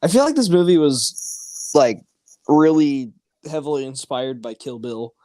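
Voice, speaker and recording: Brief: easygoing man commenting on a movie, unhurried, close and dry. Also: mid-range voice, expressive, dark tone, dry recording. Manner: rambling, laughs often, trails off. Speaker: watch-along host. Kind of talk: casual chat over a movie.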